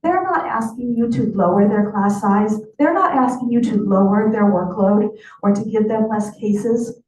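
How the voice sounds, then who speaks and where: A woman addressing a school board as a union vice president, reading a teacher's letter in a measured, formal way. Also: a little high, darkish tone, slight background noise. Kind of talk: public comment reading a letter. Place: large public meeting hall. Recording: echoey hall, distant mic, faint ambience.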